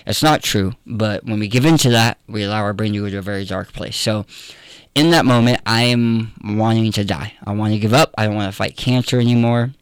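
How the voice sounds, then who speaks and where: A pastor telling a personal story in an interview, candid and earnest. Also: male voice, fairly low pitch, brisk, clear, resonant tone, dry recording. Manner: candid, earnest, conversational with fillers.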